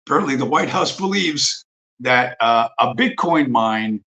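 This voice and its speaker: A man's voice: mid-range voice, lively intonation, measured pace, pushed and bright, poor audio. A man hosting a livestream, ranting profanely and with strong emphasis. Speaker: livestream host. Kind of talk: livestream rant.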